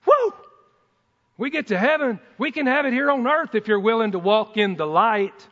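A preacher with a high voice, giving a folksy, excitable sermon full of whoops and asides. His voice carries a long reverb from a church hall. The sound is dull and muffled. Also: fairly quick.

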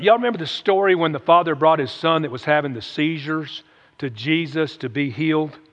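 A man with a fairly high, slightly bright voice preaches a folksy, conversational sermon, often calling out "amen?" to the congregation. The recording sounds dull and lo-fi, echoing through a hall.

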